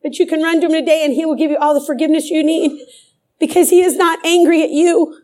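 A woman's voice: high voice, fairly even intonation, quick pace, darkish tone. A middle-aged woman preaching a sermon with fervor, repeating phrases for emphasis.

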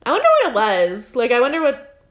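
A woman hosting a casual podcast, recapping a TV episode in an animated, giggly way, with a filler-heavy delivery. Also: on the high side, fast talker, slight background noise. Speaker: podcast host.

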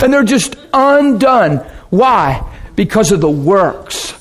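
A man's voice: very high voice, animated, a little slow, few pauses, noisy background. A man preaching a sermon, telling healing stories and acting out scenes with gasps and laughter. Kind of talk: sermon storytelling.

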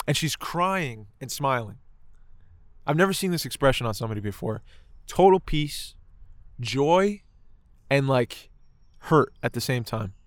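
A man's voice: medium pitch, no echo. Man telling an emotional story, dry close sound. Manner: emotional, swears often, many "like" and "right". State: choked up. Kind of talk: casual storytelling conversation.

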